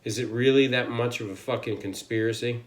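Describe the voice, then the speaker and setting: An American man rants straight to camera, his voice sitting at an ordinary middle pitch. He sounds annoyed and forceful, hammering each point and cursing freely. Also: fairly even intonation, brisk. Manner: angry, profane, emphatic. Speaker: channel host. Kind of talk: political rant to camera.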